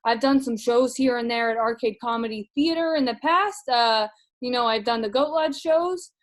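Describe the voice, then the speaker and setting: A woman's voice: on the high side, normal speed, close to an everyday voice. A woman playing a nervous, rambling middle-aged dad who reviews movies in a comedy sketch, stammering through constant fillers. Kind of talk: comic sketch monologue.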